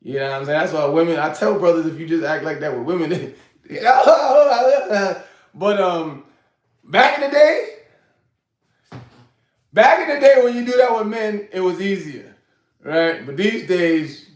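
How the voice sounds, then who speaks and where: A man's voice: high-pitched, expressive, a little slow, pauses often, reverberant. A man in his forties, hosting his own show, talking casually to the camera with frequent laughs and a lot of "you know what I'm saying". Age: 40s. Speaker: host.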